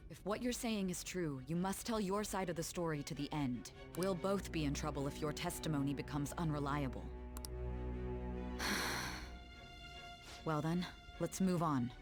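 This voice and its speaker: A woman plays a stern female prosecutor from a video game, her low voice cool and firm as she presses a suspect for answers. Game music plays clearly behind her lines. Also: normal speed, long pauses, lightly acted.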